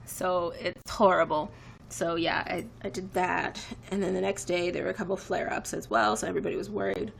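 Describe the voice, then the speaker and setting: A woman's voice: on the low side, fairly even intonation, brisk, vocal fry, a little hiss or hum. A woman in her twenties chatting casually on a live stream, rambling and reacting to viewer comments. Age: 20s. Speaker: livestreamer.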